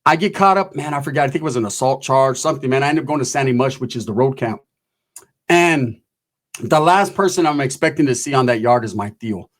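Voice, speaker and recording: A man's voice: medium pitch, lively intonation, fairly quick. A man telling a story in a casual, rambling way, full of slang and swearing.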